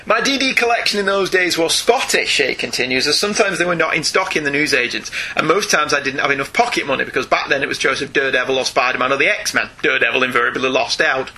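Male podcast host, husky and sharp-toned, reads fan mail with laughing asides. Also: mid-range voice, fast, few pauses. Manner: reads emails aloud with frequent laughter and asides. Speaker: podcast co-host reading listener emails. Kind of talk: casual podcast chat.

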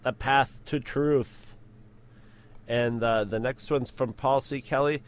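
A man's voice: mid-range voice, fairly even intonation, takes it slowly. A man co-hosting a podcast, casually reading listener feedback aloud and rambling through his own asides. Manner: rambling, self-correcting. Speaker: podcast co-host.

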